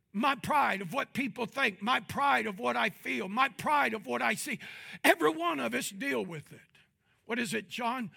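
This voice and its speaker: High, gravelly preaching man. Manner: preaching that swings between quiet talk and loud shouts; drawn-out, emphatic phrasing. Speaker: pastor. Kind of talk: sermon.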